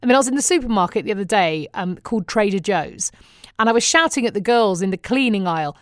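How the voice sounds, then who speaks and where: A woman's voice: mid-range voice, animated, quick pace, dry recording, clean studio sound. A woman from England with a British accent, chatting casually to her viewers in a wry, self-mocking way and laughing often. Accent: British English. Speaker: vlogger. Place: living in Phoenix, Arizona.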